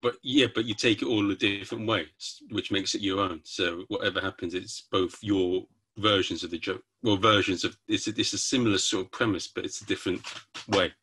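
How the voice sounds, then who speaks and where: Husky guy hosting a podcast, quick questions, laid back chat. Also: on the low side, steady tone, sharp tone. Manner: short prompting questions, easy laughs. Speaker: podcast host. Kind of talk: casual interview chat.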